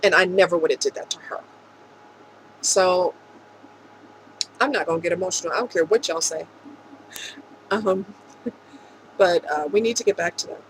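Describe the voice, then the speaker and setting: A woman speaking earnestly and emotionally in a rambling vlog monologue, with soft laughs. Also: on the low side, moderate pace, long pauses, slight background noise, low-quality recording. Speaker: vlogger.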